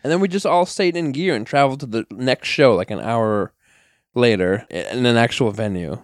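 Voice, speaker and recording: A man's voice: mid-range voice, fairly quick, no echo, clean studio sound. A man telling a story in casual podcast chat, rambling with many fillers and frequent laughs. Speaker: podcast guest, wrestler.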